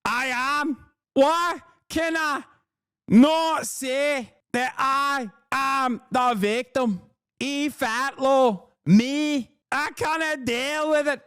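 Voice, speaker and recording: A man's voice: very high-pitched, extremely slow, a bit bright. A man streaming casual reaction commentary, sarcastic, profane and mocking.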